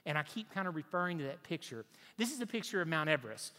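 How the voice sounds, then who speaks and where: A man's voice: on the high side, very animated, fast, bright, forceful tone, in a large hall. A man preaching a sermon, emphatic, posing rhetorical questions to the congregation and repeating his key points.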